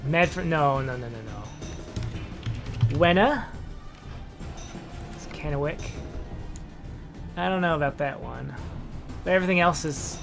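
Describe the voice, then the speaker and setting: A man's voice: on the high side, a little slow, gravelly, long pauses, over music. A man streaming a driving game, talking to himself in casual, rambling commentary with exasperated asides.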